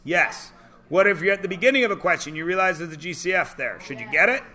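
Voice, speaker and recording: A man's voice: high-pitched, expressive, fast talker, pushed and bright. A man teaching a math class, joking and punning, quizzing students with call-and-response. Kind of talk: classroom lecture.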